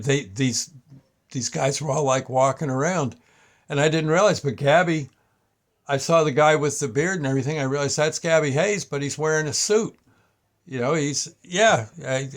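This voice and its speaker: Older man reminiscing in a meandering way. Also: fairly high pitch. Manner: meandering, halting storyteller. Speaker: show host. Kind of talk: casual reminiscence.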